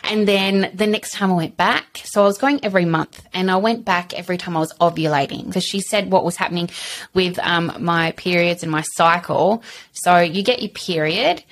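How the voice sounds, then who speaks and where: A woman's voice: lowish voice, moderate pace. A woman, a podcast guest telling her story frankly, full of fillers. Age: 30s. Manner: chatty, frank, lots of fillers. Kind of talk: candid personal interview.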